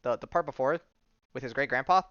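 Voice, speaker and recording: Smooth-voiced man joking through a comic recap. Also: mid-range voice, fast, fairly bright tone, dry recording, dull audio. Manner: loose, joking retelling with many fillers. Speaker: podcast host. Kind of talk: casual comic-book recap.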